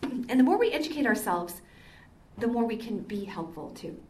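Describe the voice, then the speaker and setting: A woman's voice: fairly high pitch, sing-song, normal speed, darkish tone. An older woman, a Catholic sister, giving a conversational talk full of stories and frequent ums. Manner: chatty, storytelling, frequent ums. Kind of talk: conversational lecture with anecdotes. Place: meeting hall. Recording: echoey hall, mic far off.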